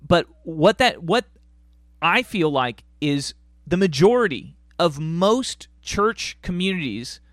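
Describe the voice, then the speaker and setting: Measured male podcast host, dry sound. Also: a little high, big pitch swings, fairly bright tone, dry recording. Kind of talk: casual conversational interview.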